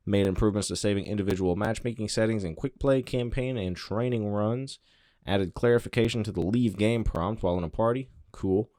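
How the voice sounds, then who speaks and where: A man hosting a gaming channel, reading patch notes aloud and dropping quick offhand asides between the items. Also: fairly low pitch, no room sound, clean studio sound. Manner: offhand, reads in flat bursts with quick asides. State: out of breath.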